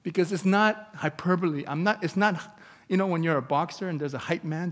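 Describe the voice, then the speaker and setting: A man preaching a sermon as pastor, energetic and emphatic, with casual asides to the congregation. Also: a little high, fairly quick. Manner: energetic preaching, rising to loud emphatic peaks; conversational asides with chuckles to the congregation. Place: church sanctuary. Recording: long reverb of a church hall.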